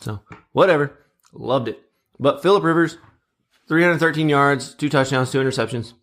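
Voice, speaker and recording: A man's voice: medium pitch, normal speed, a bit bright. A man in his thirties co-hosting a sports podcast, chatting casually, joking and reading out stats. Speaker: podcast co-host.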